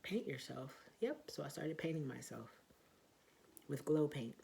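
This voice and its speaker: A woman talking in a casual vlog monologue, blunt and profane, with lots of fillers and emphatic, loud outbursts. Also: deep voice, measured pace, vocal fry. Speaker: vlogger.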